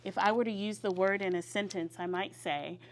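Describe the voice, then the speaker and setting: A woman teacher with a mid-range voice and fairly even intonation takes young children through a classroom vocabulary lesson, using call-and-response and drawn-out words.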